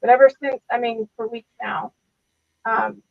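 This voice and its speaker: A woman's voice: a little high, fairly even intonation, normal speed, creaky. A woman guest on a casual live-stream chat, talking in a rambling, thoughtful way. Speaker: guest reader. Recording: tinny dry phone-like line.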